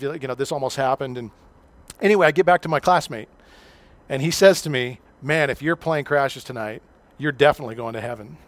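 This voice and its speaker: A middle-aged male pastor preaching a sermon, telling a personal story with self-deprecating humor. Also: fairly high pitch.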